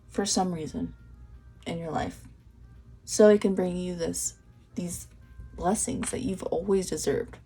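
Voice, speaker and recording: A young woman gives a pick-a-card tarot reading, addressing the viewer directly in an earnest, encouraging way, repeating herself and restarting sentences. Her voice is lowish and dark with a breathy edge.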